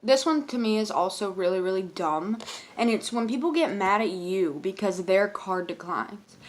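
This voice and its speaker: A woman's voice: medium pitch, animated, normal speed. A young woman who works as a cashier, ranting casually and profanely about customers with exasperated emphasis. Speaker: convenience store cashier.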